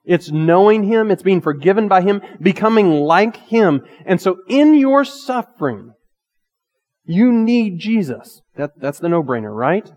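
Pastor, male, slightly high-pitched, earnest sermon delivery with slow scripture reading, big reverberant church sound. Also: expressive. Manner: swings between loud emphatic lines and quiet asides; reads scripture aloud slowly and earnestly. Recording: long reverb of a large hall.

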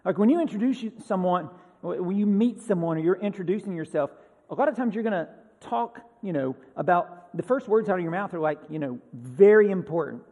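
An earnest man preaches a sermon as pastor, leaning hard on key phrases. He swings between loud emphasis and a hushed, almost whispered delivery. His voice sits high and carries a long, reverberant hall tail. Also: animated, fairly quick.

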